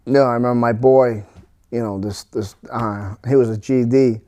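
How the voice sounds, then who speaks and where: A middle-aged man speaking at a middle pitch, telling a hard personal story as a podcast guest. He talks haltingly, stops and restarts, and leans on fillers as he goes. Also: steady tone, mellow, muffled recording.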